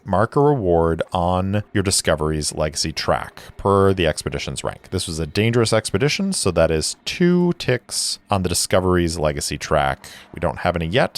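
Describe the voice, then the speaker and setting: A man narrating and playing a solo tabletop role-playing game in a deliberate, descriptive way. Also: deep voice. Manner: deliberate, descriptive, with dice-roll asides. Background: faint music.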